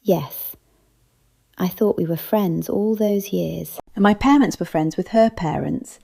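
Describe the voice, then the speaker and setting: A woman's voice: lowish voice, measured pace, creaky, warm tone, husky, heavily acted. A woman voicing a blunt, tough elderly woman raised on a sheep farm, speaking in a brusque, scolding manner in an audiobook. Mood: aggrieved. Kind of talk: audiobook character voice.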